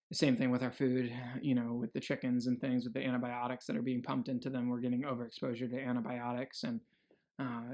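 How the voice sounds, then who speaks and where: An earnest young man speaks in a casual video diary, with a voice of ordinary pitch. He rambles freely and restarts often, with plenty of fillers. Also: darkish tone. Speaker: health vlogger.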